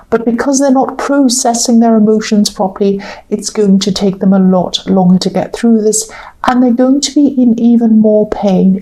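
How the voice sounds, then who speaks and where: A woman giving a love tarot reading, earnest and repetitive, her voice tired and croaky. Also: medium pitch, dark tone, low-quality recording. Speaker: tarot reader.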